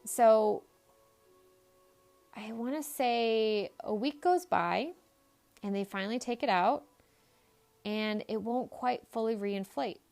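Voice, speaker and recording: Smooth-voiced woman, candid and blunt. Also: on the high side, takes it slowly, long pauses, a little mellow, soft background music. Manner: candid and emphatic, with blunt swearing. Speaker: psychologist podcast host. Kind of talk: casual podcast storytelling.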